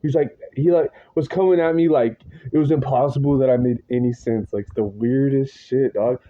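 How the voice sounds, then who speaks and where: Guy ranting on a vlog, swearing a ton, rambling and worked up, kinda muffled lo-fi sound, medium-pitched voice. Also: fairly even intonation, normal speed. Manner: agitated, profane, rambling with slang asides. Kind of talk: ranting monologue to camera. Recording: dull lo-fi audio.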